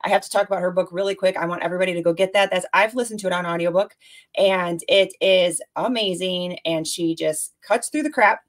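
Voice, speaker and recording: A woman's voice: fairly low pitch, steady tone, fairly quick. Bubbly woman podcast host in her forties. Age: 40s. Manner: bubbly, effusive, many fillers. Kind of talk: casual podcast interview.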